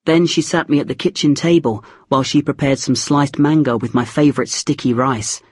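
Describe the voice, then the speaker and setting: A woman reading a chapter book aloud in a measured, expressive storytelling manner. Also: extremely low pitch, slightly rough, dry recording, studio quality. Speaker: audiobook reader. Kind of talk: scripted narration of a graded reader.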